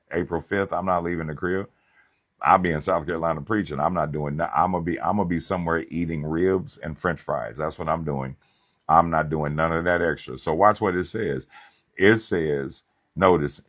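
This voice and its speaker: A male pastor preaching a sermon. He tells stories in a lively, conversational way, with humour. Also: low-pitched, moderate pace. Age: young adult. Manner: animated, conversational, humorous preaching. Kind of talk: sermon with storytelling.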